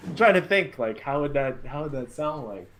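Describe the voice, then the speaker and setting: A man chatting casually as a guest on a talk stream, laughing often and halting with fillers. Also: a little high, animated, a bit bright, slight background noise. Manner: giggly, laughs between phrases, halting with fillers. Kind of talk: casual chat.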